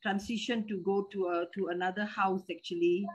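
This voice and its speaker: A woman's voice: mid-range voice, steady tone, brisk, husky, rough recording. Middle-aged woman, Malaysian English accent, hesitant and deferential, remote call. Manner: hesitant, repeats words and restarts, respectful. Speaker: disciple calling in with a question. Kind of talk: casual chat.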